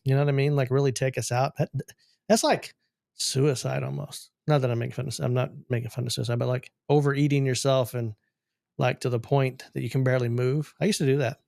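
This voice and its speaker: A man's voice: medium pitch, level tone, a little fast, gravelly, darkish tone, no echo, studio quality. A middle-aged man co-hosting a podcast in casual chat, with joking, playful banter. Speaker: podcast co-host.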